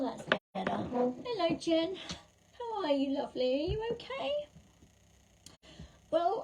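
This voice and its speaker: Raspy, low-toned woman with a sore throat. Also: a little mellow, slight background noise, rough recording. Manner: chatty and affectionate, calls viewers lovely and darling. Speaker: psychic medium. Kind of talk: livestream readings chatting with viewers. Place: at home.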